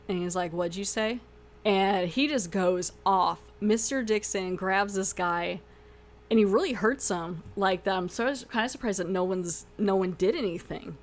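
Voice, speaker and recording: Chatty woman podcast host. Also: mid-range voice. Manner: animated retelling, acts out the lines, laughs often. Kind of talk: casual episode recap review.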